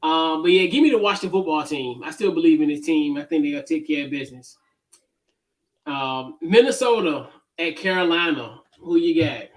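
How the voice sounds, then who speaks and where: A man with a noticeably high voice hosts a laid-back sports talk show. He talks casually with plenty of fillers and moves steadily from one game pick to the next. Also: normal speed, distant mic. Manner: relaxed, lots of fillers, runs through game picks. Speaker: podcast host.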